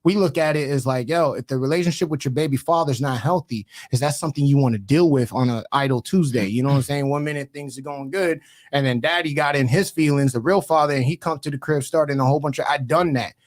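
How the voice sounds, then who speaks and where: A young man hosting a podcast, telling stories in animated, slangy casual chat. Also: medium pitch, quick pace. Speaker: podcast host. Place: podcast studio.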